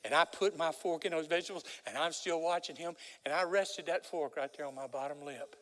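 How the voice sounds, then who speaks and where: Older preacher in a reverberant church. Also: male voice, on the high side, fairly quick. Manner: dramatic storyteller, swings from loud to hushed. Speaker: guest preacher. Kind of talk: sermon with storytelling. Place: large church sanctuary. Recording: long hall reverb.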